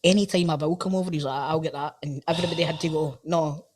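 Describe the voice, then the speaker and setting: A man with a Glasgow accent, a podcast co-host who chips in with quick jokes in casual banter. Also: a little high, steady tone, slightly rough. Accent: Scottish (Glasgow).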